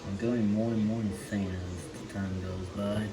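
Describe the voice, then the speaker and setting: A man's voice: lowish voice, fairly even intonation, measured pace. Sarcastic young man, noisy amateur recording. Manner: sarcastic, rambling, stammering restarts. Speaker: amateur voice actor. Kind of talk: fan animation voice acting. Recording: loud background noise with typing clicks.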